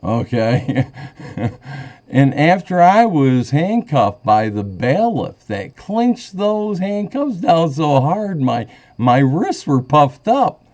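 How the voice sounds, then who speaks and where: A man's voice: on the high side, very animated, takes it slowly, darkish tone. A man, calling a sheriff's office and pressing a complaint, rambling and agitated, at times choked up. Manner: rambling, agitated, wavering between indignation and choked-up emotion. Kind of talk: phone call complaint. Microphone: phone call recorded on his end. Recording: dull lo-fi phone call.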